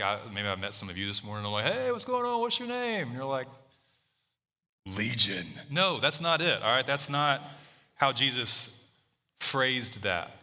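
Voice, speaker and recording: A man's voice: mid-range voice, pushed and bright, long reverb tail. A man preaching a sermon in a loose, conversational way, often restarting his sentences and using filler words. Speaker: pastor.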